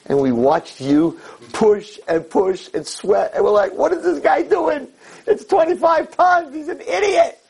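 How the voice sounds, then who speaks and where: A man's voice: fairly high pitch, measured pace, vocal fry, mellow, breathy edge, voice pushed up, full character voice, low-quality recording. A man voicing the devil as a mean male angel who sneers and confides in a storytelling sermon. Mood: mocking.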